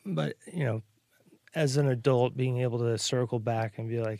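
A man's voice: mid-range voice, moderate pace, creaky, mellow, dry recording. A middle-aged man co-hosting a casual podcast, earnest and hesitant, with many restarts. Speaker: podcast co-host.

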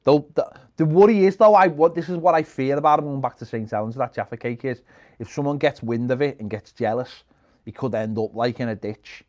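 A man's voice: mid-range voice, a little fast. A man co-hosting a casual live chat, playful, joking and reading out viewer comments. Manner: playful, slips into silly shouted voices. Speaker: co-host.

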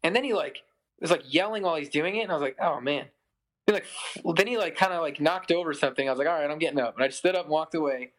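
A musician in his thirties, his voice a little high and racing, tells a long, rambling story on a casual podcast. He's a guest who peppers everything with "like" and acts out quotes with lots of animation.

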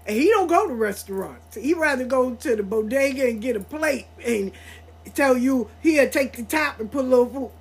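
A woman hosting her own show, telling a personal story in a candid, profane way. She laughs often mid-sentence and turns quiet and reflective when she talks about healing. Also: high voice, lively intonation, normal speed, breathy edge, soft background music.

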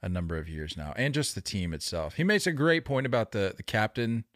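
A man co-hosting a sports podcast, chatting casually with animated, opinionated banter. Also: lowish voice, brisk, dry recording, studio quality. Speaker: podcast co-host. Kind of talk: casual chat.

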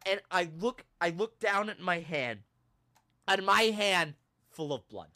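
Young man, podcast host, high voice, crisp bright tone, animated comic storytelling, self-mocking. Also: measured pace. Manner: animated and self-mocking, with big pitch swings. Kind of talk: comedic storytelling in casual chat.

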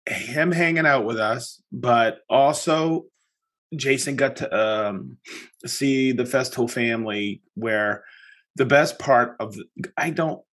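A man hosting a podcast, talking casually and telling animated stories with lots of restarts. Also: mid-range voice, takes it slowly. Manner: animated storytelling, chatty with many restarts. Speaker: podcast host. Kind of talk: casual chat.

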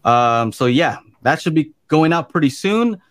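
Easygoing man explaining calmly. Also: on the high side, unhurried. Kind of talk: casual chat.

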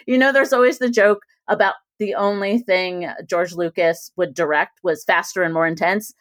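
A woman who is a former cohost back as a guest, chatting animatedly about a TV series, laughing often and slipping into slow mock voices. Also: fairly low pitch, fairly even intonation, fairly bright tone, dry recording, clean studio sound. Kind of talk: casual podcast chat reviewing a TV series.

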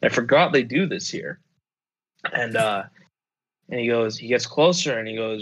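A man's voice: medium pitch, normal speed, pauses often, fairly bright tone, breathy edge, lo-fi sound. A man telling a rambling, profane story in casual chat, full of fillers and restarts. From United States.

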